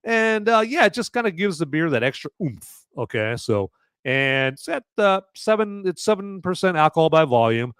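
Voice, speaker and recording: A man's voice: on the high side, normal speed, clear, resonant tone, no echo. A man hosting a podcast, reviewing a beer in a rambling, casual way and often checking in with "okay?". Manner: rambling and animated, often tagging lines with "okay?". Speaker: podcast host.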